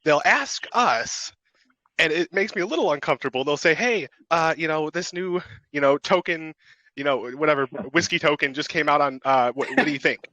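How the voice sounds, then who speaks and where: A man who coordinates a blockchain, explaining his team's process in relaxed casual podcast chat. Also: on the high side, normal speed, no echo, low-quality recording. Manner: explanatory, relaxed, says right a lot.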